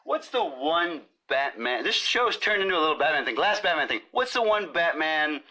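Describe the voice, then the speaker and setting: A man's voice: on the high side, sing-song, normal speed, bright, forceful tone. A man on a casual comedy podcast, riffing and swearing freely. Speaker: podcast co-host.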